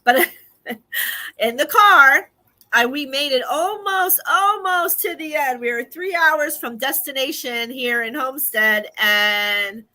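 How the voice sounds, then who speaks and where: A woman's voice: high-pitched, slow pace, bright, forceful tone. A woman hosting a radio podcast, talking casually with frequent laughter and greeting listeners by name. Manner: chatty, laughing often, greets listeners in chat. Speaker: podcast host. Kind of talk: casual talk show monologue.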